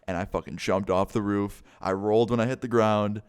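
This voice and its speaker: A young man recounting a wild story for his vlog in loose, filler-heavy talk with plenty of swearing. His voice is on the low side and clean and smooth. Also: fairly even intonation, a little fast. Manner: casual, swearing, rambling with "like" fillers. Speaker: vlogger.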